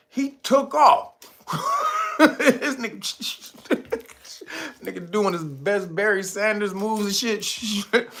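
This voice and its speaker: A man's voice: fairly high pitch, fairly bright tone. A man hosting a commentary show, talking about the news in a loose, slangy, joking way and often breaking into laughter. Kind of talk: casual profane news commentary.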